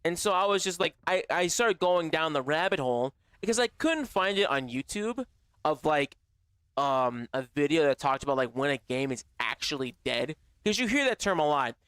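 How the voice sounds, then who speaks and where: Slangy, profane streamer with a smooth voice. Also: male voice, on the high side, lively intonation, normal speed, a bit bright, dry recording. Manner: slangy and profane, calls chat bro and baby. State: slightly strained voice from yelling. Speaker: gaming livestreamer. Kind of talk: casual live-stream chat.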